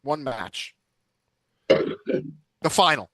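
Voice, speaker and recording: A man's voice: mid-range voice, expressive, a crowd in the background. A man co-hosting a casual wrestling talk show, blunt and profane, correcting details and backing up his guest. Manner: blunt, profane, quick to agree. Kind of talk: casual chat.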